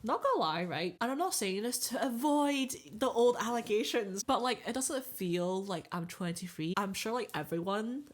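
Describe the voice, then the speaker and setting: A woman's voice: fairly high pitch, animated, normal speed, hardly any pauses. Dry, teasing woman in her twenties. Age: 20s. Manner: dry and teasing, lots of "mm-hmm". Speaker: podcast co-host. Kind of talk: casual chat.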